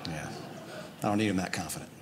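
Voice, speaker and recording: A man doing a stand-up comedy set on stage, animated and acting out the voices of his son and others. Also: low voice, fast talker. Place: theater stage before a live audience. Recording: echoey stage, audience noise.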